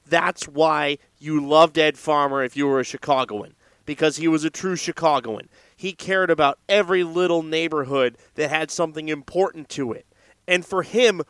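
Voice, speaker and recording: A man's voice: fairly high pitch, fairly bright tone, no room sound. A man hosting a podcast, speaking earnestly in a reflective tribute monologue. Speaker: podcast host.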